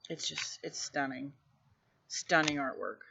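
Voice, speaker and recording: A woman casually showing off her tarot decks, gushing with effusive praise and sometimes dropping to a hushed voice. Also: sits low, measured pace, creaky, muffled recording, noisy background. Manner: drops to a hushed voice at times. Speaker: tarot deck reviewer. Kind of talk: casual show-and-tell vlog.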